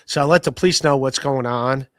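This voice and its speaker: Podcast host, male, mid-pitched, rambling storyteller, dry close sound. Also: a little fast, no room sound. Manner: rambling storytelling with many fillers and restarts. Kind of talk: casual podcast chat.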